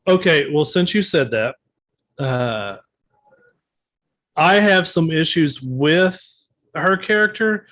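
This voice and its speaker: A man's voice: fairly high pitch, lively intonation, takes it slowly, pauses often, a bit bright. A man co-hosting a podcast, talking through his take on a film in a thoughtful way and weighing his words. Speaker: podcast co-host. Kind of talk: casual film review chat.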